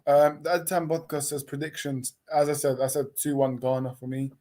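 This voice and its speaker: Male watchalong host with a slightly high voice, casual and teasing. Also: level tone, a little fast, a little mellow. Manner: teasing, slangy banter. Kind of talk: casual live commentary chat.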